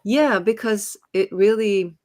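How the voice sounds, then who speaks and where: A middle-aged woman with a Swedish accent chatting casually on a group call, thoughtful and comforting, with soft laughs. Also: mid-range voice, takes it slowly, no echo, clean studio sound. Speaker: YouTuber. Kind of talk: casual group video chat.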